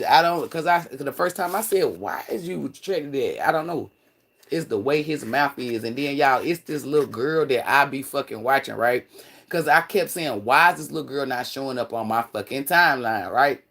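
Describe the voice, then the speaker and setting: A man chatting casually on a livestream, rambling and profane, swinging between loud excited bursts and low mutters. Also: gravelly. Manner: profane, slangy, laughs often. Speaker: livestream host.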